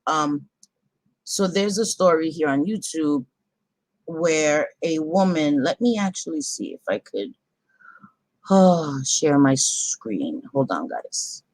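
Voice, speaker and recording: A woman's voice: deep voice, lively intonation, slow, no echo. Chatty woman livestreamer, dry sound. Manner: chatty, apologetic, easily interrupted. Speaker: livestream host. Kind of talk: casual live commentary.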